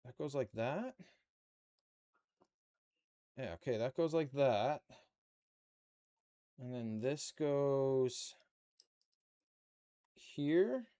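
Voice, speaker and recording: A man's voice: medium pitch, lively intonation, extremely slow, long pauses, warm tone. A man live-streaming a model-kit build, chatting with viewers and muttering to himself as he works. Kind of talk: casual live-stream chat.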